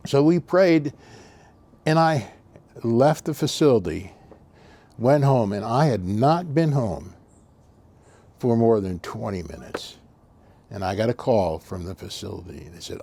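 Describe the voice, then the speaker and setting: Folksy older man, mellow voice. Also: lowish voice, animated, unhurried, creaky, long pauses. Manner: folksy, meandering, earnest. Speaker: channel host. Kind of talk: casual storytelling.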